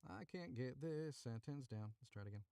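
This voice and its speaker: A man's voice: medium pitch, lively intonation, brisk, dark tone, clean tone, dry recording. A man reading a story aloud on a live stream from a cramped booth, chatting to viewers and redoing lines he stumbles on. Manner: chatty, self-correcting, retakes lines. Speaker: voice actor narrating a story.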